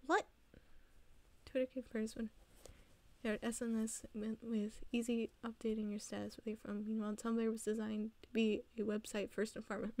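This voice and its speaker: A woman's voice: a little high, dry recording. An eighteen-year-old woman streaming, chatting casually and rambling, laughing often.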